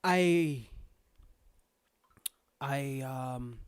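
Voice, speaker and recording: A game master voicing a formal older wizard who halts and trips over his words while trying to stay calm, in a tabletop game. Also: medium pitch, smooth, no echo, pitched below the performer's own voice. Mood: strained. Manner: formal, halting.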